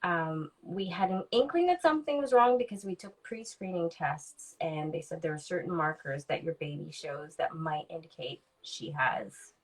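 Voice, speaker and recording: A woman in her forties with a fairly low voice speaks as a podcast guest. She tells a candid personal story in a reflective way, with many ums, and acts out remembered conversations. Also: moderate pace, hardly any pauses, breathy edge, poor audio.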